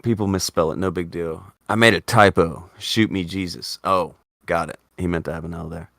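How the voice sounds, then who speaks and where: A man hosts a casual chat show in a deep, gravelly voice. He argues animatedly and swears freely, his pitch leaping up when he pushes back. The sound is close and dry. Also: fairly even intonation, moderate pace, a bit bright, no echo. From Indiana. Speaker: podcast host.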